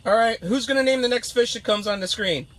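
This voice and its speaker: A man's voice: extremely high pitch, brisk, fairly bright tone. A man doing playful live commentary while ice fishing outdoors on a frozen pond, teasing the fish as he talks.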